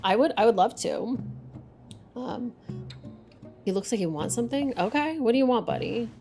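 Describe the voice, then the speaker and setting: A woman's voice: on the high side, expressive, normal speed, gravelly, dark tone, soft background music. A woman streaming a game live, chatting and thinking aloud with many fillers.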